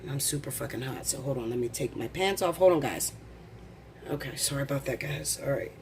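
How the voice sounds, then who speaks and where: A woman reading tarot cards in a casual, blunt, excitable way, rushing and tripping over her words. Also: a bass voice, vocal fry, slight background noise. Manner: rapid, excitable, blunt with swearing. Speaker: tarot reader.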